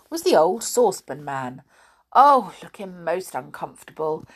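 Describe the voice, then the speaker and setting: A woman reads a children's story aloud at a slow, unhurried pace. Her voice sits fairly low and stays soft and gentle, sometimes sinking to a whisper. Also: breathy edge. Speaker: storybook reader.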